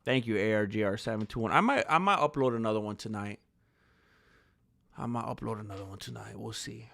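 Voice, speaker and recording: A male YouTuber casually chatting on a livestream and reading viewer comments, shifting from calm musing to loud disbelief. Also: lowish voice, fairly quick, vocal fry, no room sound. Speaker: MMA news YouTuber.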